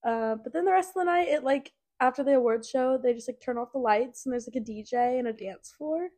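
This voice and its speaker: A young woman in her twenties co-hosts a podcast, telling stories chattily with lots of fillers in casual conversation. Her high voice is brisk and warm.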